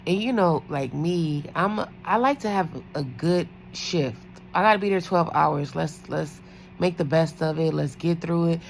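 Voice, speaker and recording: A woman's voice: low-pitched, vocal fry, slight background noise, poor audio. A woman who works as a night-shift nurse, chatting casually in a storytime vlog, rambling with lots of fillers.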